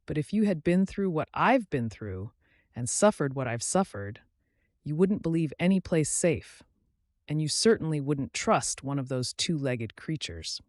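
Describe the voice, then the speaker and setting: A man's voice: fairly high pitch, animated, unhurried, a little mellow, no room sound, studio quality, pitched above the performer's own voice. A man voicing an anxious, distrustful female duck far from home, fretful and tearful.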